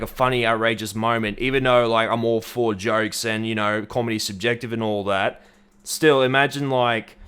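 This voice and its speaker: A man's voice: medium pitch, a bit bright, clean tone. Blunt, sweary Australian man ranting. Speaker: commentary YouTuber. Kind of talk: opinionated commentary.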